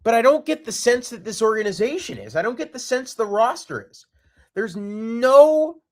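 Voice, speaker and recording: A man's voice: very high-pitched, sing-song, normal speed. A man hosting a solo sports podcast, ranting in an exasperated, repetitive and emphatic way. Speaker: podcast host.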